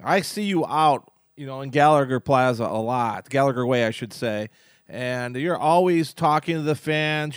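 A man hosting a podcast interview, his voice a little higher than most men's. He talks in a chatty, admiring way, and the sound is dry with no room around it. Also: no echo. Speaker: host.

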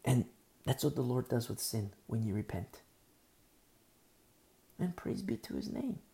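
A male pastor preaching a Bible-study sermon, his voice gravelly with a lot of fry. His pitch swings widely as he stresses words. He repeats key phrases to drive the point home. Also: lively intonation, measured pace, mellow.

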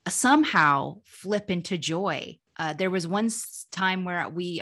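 A woman humor writer telling funny personal stories as an interview guest, lively and laughing, her voice jumping up when she reaches the punchlines. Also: low voice. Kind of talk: animated storytelling in an interview.

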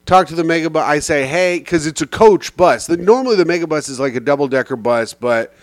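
A man hosting his own comedy podcast, spinning road stories in a loose, animated way and cursing freely. His voice sits a little high for a man. The sound is dry and close, with no room around it. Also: brisk, dry recording. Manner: animated, swearing, slips into quoted voices. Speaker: podcast host. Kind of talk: casual comic storytelling.

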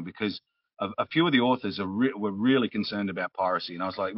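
A man's voice: on the low side, fast talker, no echo, distant mic, lo-fi sound. An Australian man, a guest on a podcast, chatting casually and explaining with anecdotes. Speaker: guest, audiobook narrator and publisher.

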